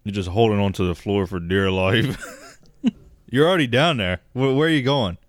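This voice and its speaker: A man's voice: fairly low pitch, moderate pace, no room sound. A man in casual podcast chat who laughs often and swears freely. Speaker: co-host.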